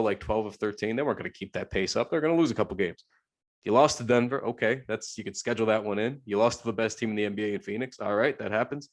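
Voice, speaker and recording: A man co-hosting a sports podcast, talking casually and rambling with many restarts. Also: lowish voice. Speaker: podcast co-host.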